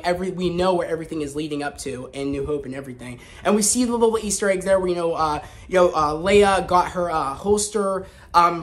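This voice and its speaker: A man hosting a casual spoken review vlog, talking in an excited, rambling way with frequent restarts. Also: fairly high pitch. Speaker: host.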